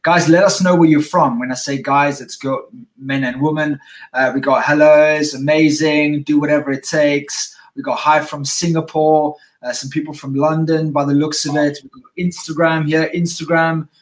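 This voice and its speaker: A man hosting a live-stream interview in a high-energy, swearing, enthusiastic way. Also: flat delivery, moderate pace. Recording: echoey and distant from the mic.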